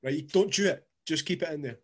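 A man's voice: a little high, fast talker, slightly rough. Teasing Scottish man co-hosting a podcast. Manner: teasing, wraps up the show. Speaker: podcast co-host. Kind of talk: casual chat.

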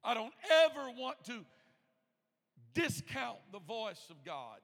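High, gravelly preacher in a reverberant hall. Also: male voice, sing-song, takes it slowly. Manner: builds from quiet storytelling to shouted preaching. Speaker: pastor. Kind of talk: sermon. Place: church sanctuary.

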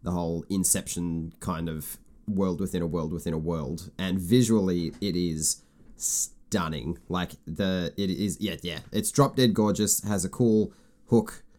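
A man's voice: sits low, unhurried, darkish tone. A man chatting casually, enthusiastic and a bit rambling. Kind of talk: casual chat.

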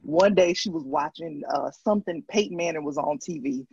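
Casting: high, husky man, lively storyteller, dull dry lo-fi recording. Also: normal speed. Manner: animated storyteller, laughs often, acts out quotes. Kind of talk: casual conversation.

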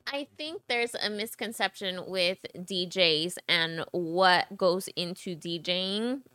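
A woman's voice: fairly low pitch, takes it slowly, bright, forceful tone, no echo, clean studio sound. A woman hosting a podcast, chatty and laughing as she puts questions to her guest. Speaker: podcast host. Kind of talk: casual podcast interview.

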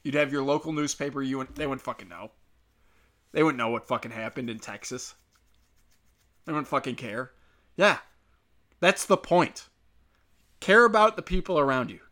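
A man's voice: mid-range voice, lively intonation, normal speed, long pauses, sharp tone. A man delivering a heated, profane, sarcastic monologue straight to his listeners, mocking and scolding them. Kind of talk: ranting monologue.

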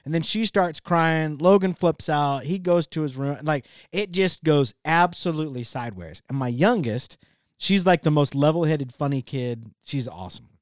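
A man's voice: on the high side, normal speed, no room sound. Dad in his 40s telling a story, bouncy voice all over the place, laughs a lot, dry close mic. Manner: animated storyteller who acts out quoted dialogue; laughs through his own stories. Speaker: podcast co-host or guest. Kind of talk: casual podcast chat.

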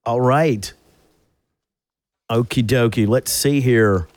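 A man co-hosting a podcast, teasing the others with quick quips. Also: medium pitch, darkish tone. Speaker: podcast co-host. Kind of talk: casual banter.

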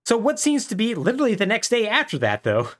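A man co-hosting a podcast, casually retelling a plot and briefly acting out the characters' lines. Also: sits high. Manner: animated retelling, acts out characters' lines in quick voices. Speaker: podcast co-host.

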